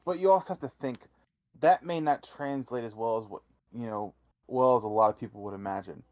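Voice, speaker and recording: A man's voice: medium pitch, a little fast, a little mellow. Opinionated man co-hosting sports talk. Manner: opinionated, many "you know" fillers. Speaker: podcast co-host. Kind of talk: casual sports chat.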